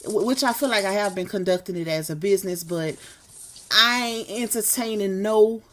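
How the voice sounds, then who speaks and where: A woman's voice: medium pitch, normal speed. A woman hosting a livestream, signing off in a casual, chatty way, often repeating words as she thanks guests and viewers. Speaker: livestream host.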